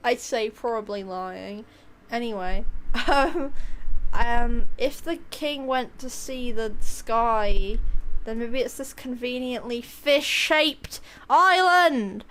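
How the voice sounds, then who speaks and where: A woman's voice: fairly high pitch, slow pace, a bit bright, a little hiss or hum. A woman streaming a video game, giving rambling, giggly, self-mocking commentary. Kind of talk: casual gameplay commentary.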